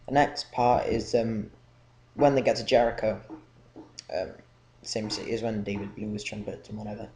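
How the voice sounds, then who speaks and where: Young man, low mellow voice, casual rambling Bible chat, echoey room with faint hiss. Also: little pitch movement, moderate pace, long pauses. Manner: rambling, informal, many ums. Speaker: Bible reading vlogger.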